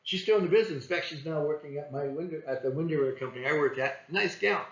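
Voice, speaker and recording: A man's voice: fairly high pitch, quick pace, a bit bright, echoey room, muffled recording. A man giving plain-spoken sales coaching and acting out phone calls. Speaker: sales trainer.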